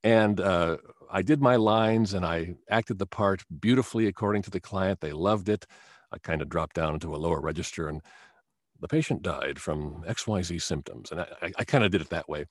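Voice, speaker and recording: A man's voice: low-pitched, no echo, studio quality. A man who works as a voice actor, telling stories as a guest in a casual interview. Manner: storytelling, animated, with quick restarts.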